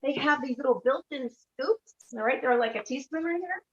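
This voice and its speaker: A woman's voice: high-pitched, animated, normal speed, reverberant. A woman giving a casual cooking demonstration in a kitchen, chatty and keeps checking in with the viewer. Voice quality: chatty, keeps checking in with "okay?" and "all right?". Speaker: product demonstrator. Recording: dull lo-fi sound with faint noise.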